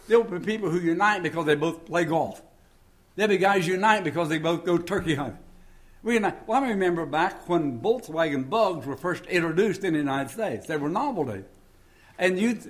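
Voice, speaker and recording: An older man preaching a sermon in a folksy way, mixing scripture with jokes and homespun stories. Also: on the high side. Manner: folksy, joking storyteller.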